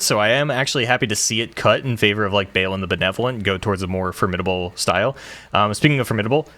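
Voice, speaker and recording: A man commentating a live card game tournament in a relaxed, chatty way. His voice sounds bright, and he is quick to laugh at himself. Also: mid-range voice, no echo. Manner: chatty, laughs often, self-deprecating. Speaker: esports caster.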